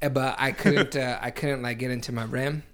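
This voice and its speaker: A man's voice: mid-range voice, steady tone, normal speed, over a noisy crowd. A young man co-hosting a podcast in casual chat, rambling through stories with many fillers and restarts. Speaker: podcast co-host.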